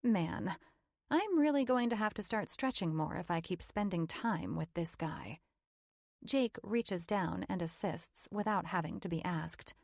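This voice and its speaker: A woman's voice: lowish voice, animated, measured pace, vocal fry, a little mellow, no room sound, clean studio sound. A woman narrating a first-person romance audiobook in a wry, playful storytelling manner.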